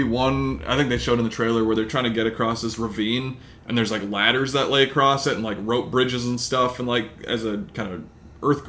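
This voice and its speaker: A man hosts a laid-back podcast and talks in an ordinary middle pitch. He rambles through a movie recap with plenty of fillers and loose asides. The conversation stays casual throughout. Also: fairly bright tone. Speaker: podcast host. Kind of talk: casual chat.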